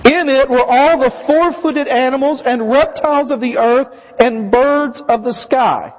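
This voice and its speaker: A man's voice: very high voice, measured pace. A man in his thirties, a pastor preaching a sermon, emphatic and questioning his congregation. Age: 30s. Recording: dull audio with long hall reverb.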